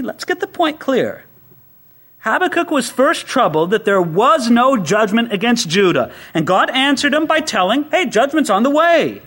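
A man's voice: extremely high pitch, a bit bright. A male pastor preaching a sermon, with acted asides and everyday examples.

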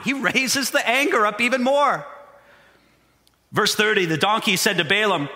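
A man preaching a sermon as a pastor, animated and emphatic. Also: sits high, brisk. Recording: long hall reverb.

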